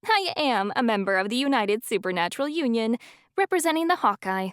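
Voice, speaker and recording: A serene elderly professor, put on by a woman narrator, with a high, floating, lilting voice. She sounds airy and upbeat. The storybook reading is close and dry. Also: very animated, brisk, clear, resonant tone, no echo. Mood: breezy.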